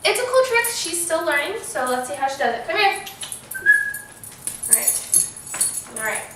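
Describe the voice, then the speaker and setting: A woman's voice: extremely high pitch, sing-song, normal speed. A woman hosting a casual dog-training tutorial, patiently giving her puppy short commands. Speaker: dog trainer and channel host. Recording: echoey room, mic far off, faint dog noise.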